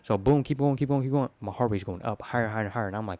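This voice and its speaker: Fast-talking teen guy, profane and slangy. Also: medium pitch, no echo. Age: teens. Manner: profane, slangy, animated storytelling. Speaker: teen vlogger. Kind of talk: casual rambling monologue to camera.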